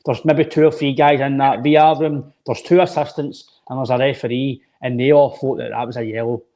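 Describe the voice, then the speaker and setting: A man's voice: mid-range voice, steady tone, brisk, warm tone. A Scottish man co-hosting a football podcast, talking emphatically in a casual chat and often calling his co-host "mate". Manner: emphatic, restarts phrases often, says "mate" a lot.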